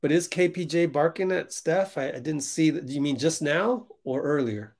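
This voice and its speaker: A man hosting a fan livestream, reacting loudly to a basketball game as it plays and answering viewers in chat. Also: a little high, moderate pace. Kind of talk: live basketball watch-along commentary.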